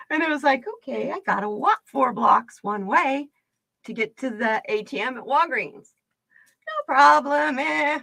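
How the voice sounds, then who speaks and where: Animated, laughing woman telling stories. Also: sits high, measured pace, gravelly, long pauses, dry recording. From United States. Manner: animated, laughs often, acts out voices in her stories. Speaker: livestream card reader host. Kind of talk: casual storytelling chat.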